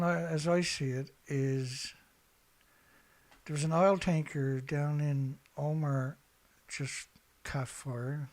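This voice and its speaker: A middle-aged man with a fairly high voice hosts a casual livestream, rambling and chatting. He clears his throat often and swears now and then.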